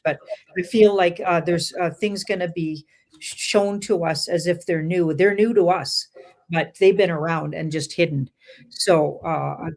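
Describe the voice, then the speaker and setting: A woman with a slightly low voice speaks as a tarot reader in a casual interview. She gropes for words, with frequent uhs, likes and restarts. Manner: hesitant, many fillers and restarts.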